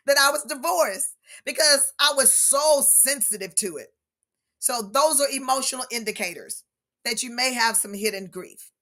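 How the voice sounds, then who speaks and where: A woman's voice: a little high, pushed and bright. An American woman presenting a grief seminar, speaking emphatically and repeating her key points to the audience. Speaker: grief educator.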